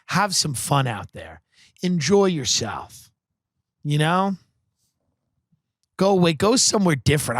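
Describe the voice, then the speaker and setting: A man from Long Island hosting a podcast, delivering a comedic monologue with sardonic, deadpan exaggeration into a close studio microphone. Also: on the high side, measured pace, long pauses, no echo. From Long Island, New York. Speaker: podcast host.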